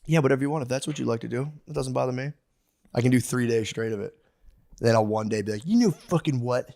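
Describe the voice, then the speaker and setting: Fast-talking man on a comedy podcast. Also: medium pitch, steady tone, gravelly, a little mellow. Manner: rambling, swears, acts out quotes of himself. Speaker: podcast co-host; comedian and dad. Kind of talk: casual chat.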